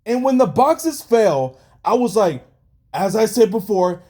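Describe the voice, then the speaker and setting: A young man rants into the camera, yelling and cursing as he vents his frustration. His voice sits high for a man and lurches up and down in pitch with every outburst. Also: very animated, unhurried. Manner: yelling and swearing, venting frustration. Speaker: vlogger. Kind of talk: angry rant vlog.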